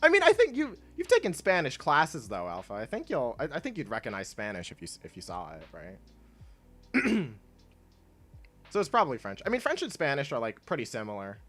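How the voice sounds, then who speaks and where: A man's voice: medium pitch, wildly swooping pitch, moderate pace, a bit bright, faint music behind. A young man chatting casually while streaming a video game, rambling with lots of fillers and laughing often. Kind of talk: casual gameplay stream chat.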